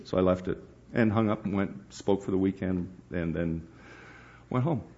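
A man's voice: sits low, normal speed. A middle-aged man preaching to a live audience, telling a story with bursts of laughter and acted voices. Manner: animated storyteller, breaks into laughter and acts out voices. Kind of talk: storytelling sermon. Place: church hall before a live audience. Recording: dull lo-fi live recording.

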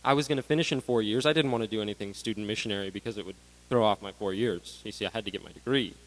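A man in his twenties giving a sermon to graduates, animated, swinging between loud bursts and hushed asides. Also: fairly low pitch, rapid-fire, poor audio. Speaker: graduation speaker.

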